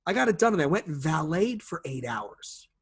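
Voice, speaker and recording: A man in his forties, co-hosting a podcast, telling stories in a lively, profane, laughing way. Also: on the high side, moderate pace, slightly rough. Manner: animated storyteller, laughs often, profane. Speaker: podcast co-host. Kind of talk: casual chat.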